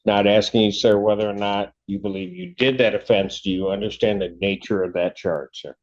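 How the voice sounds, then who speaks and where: A man serves as judge at an arraignment, reading the charges in a formal, measured way and patiently repeating his questions. His voice sits on the low side. The courtroom sound is muffled and dull. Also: expressive, creaky, a little mellow.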